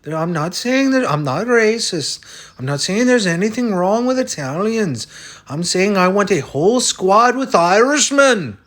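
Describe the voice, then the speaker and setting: A man's voice: high voice, sing-song, measured pace, a bit bright, full character voice. A man playing a brash, stubborn character who claims to be Irish, talking in a blunt, boastful way with some swearing in a comic sketch. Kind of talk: comic sketch over a fantasy lineup.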